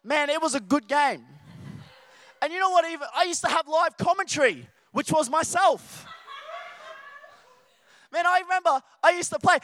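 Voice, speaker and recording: Animated high-voiced preacher. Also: male voice, normal speed, no room sound. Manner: animated storytelling with playful acted-out voices. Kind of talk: sermon.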